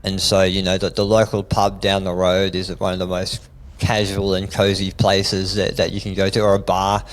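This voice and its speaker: A man with an Australian accent, a fitness expert talking in a relaxed, easygoing way as a podcast guest, often calling the host "mate". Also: low-pitched, moderate pace, low-quality recording. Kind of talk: casual interview chat.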